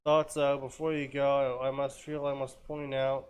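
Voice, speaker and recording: A man's voice: mid-range voice, level tone, a little slow, clear, resonant tone, natural voice, rough recording. A man voicing a talking enchanted hat, pompous and theatrical. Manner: grandiose, theatrical, loud.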